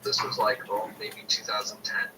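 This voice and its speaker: A man's voice: fairly low pitch, normal speed. A man chatting casually about model kits and rambling through a funny story. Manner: rambling storyteller, lively and jokey. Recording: noisy room, mic a little far off.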